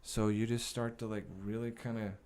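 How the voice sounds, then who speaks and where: A man with a somewhat low voice tells stories as a podcast guest. His speech is casual and profane, and it wanders with plenty of fillers and restarts. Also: flat delivery, moderate pace, a little mellow, smooth. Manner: profane, rambling, many fillers. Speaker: guest actor and director. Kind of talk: casual interview storytelling.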